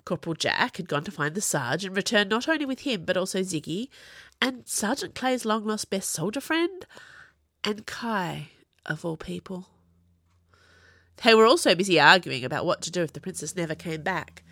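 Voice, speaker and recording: A woman narrating an audiobook in an expressive reading voice. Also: medium pitch, normal speed, dry recording, studio quality.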